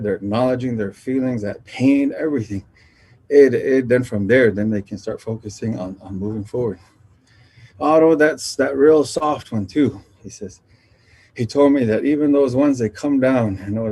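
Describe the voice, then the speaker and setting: A man, from the Nation, sharing traditional teachings in a gentle, unhurried storytelling talk that pauses and circles back. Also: mid-range voice, slightly rough. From Navajo Nation.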